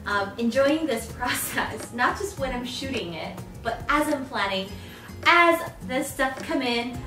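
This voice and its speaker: Excitable woman vlogger, lively high voice. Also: unhurried. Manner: gushing, gasping, excitable. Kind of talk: casual birthday vlog. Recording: echoey room, mic at a distance, loud music. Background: music.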